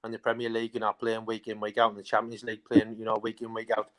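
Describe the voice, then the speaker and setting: Fast-talking man. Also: lowish voice, completely flat delivery, a bit bright. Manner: rambling, fast, many fillers. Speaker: interview guest, former footballer. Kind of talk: casual storytelling.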